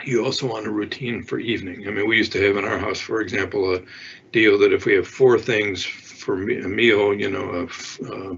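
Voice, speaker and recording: A man's voice: on the low side, vocal fry, fairly bright tone. An older man, a parenting expert, giving conversational advice and answering viewer questions, acting out little example dialogues. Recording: dull lo-fi sound with faint noise.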